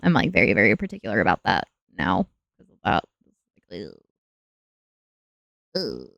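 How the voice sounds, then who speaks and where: A woman's voice: very deep voice, wildly swooping pitch, moderate pace, creaky, pauses often, a bit bright, dry recording, studio quality. A young woman streamer chatting casually, dramatic and prone to repeating herself and groaning.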